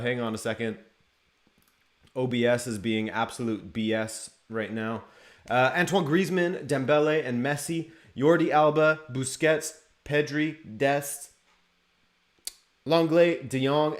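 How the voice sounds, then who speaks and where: A man's voice: medium pitch, a bit bright. A man hosting a live football watchalong stream, chatting casually, going over lineups and greeting viewers from the chat by name.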